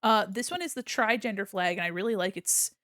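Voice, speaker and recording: A woman's voice: medium pitch, a little fast, a bit bright, dry recording. Playful, laughing woman streamer, dry sound. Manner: playful, laughs often, swears casually. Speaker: streamer and illustrator. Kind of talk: casual chat while drawing on stream.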